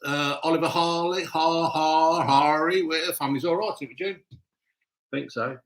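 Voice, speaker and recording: A man's voice: on the high side, fairly even intonation, moderate pace. A man hosting a live stream, swearing a lot and ranting bluntly in casual chat. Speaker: livestream host.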